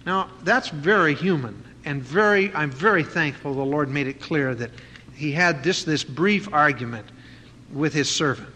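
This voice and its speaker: Man, preacher, bright voice, conversational sermon, lots of fillers, long hall reverb. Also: fairly high pitch, moderate pace. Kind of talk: expository sermon.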